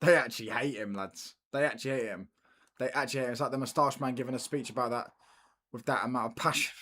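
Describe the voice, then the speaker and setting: Medium in pitch but sharp in tone, he rattles along quickly, and a little hiss or hum sits under the recording. Casual and slangy, the young watchalong streamer repeats his points while bantering with viewers.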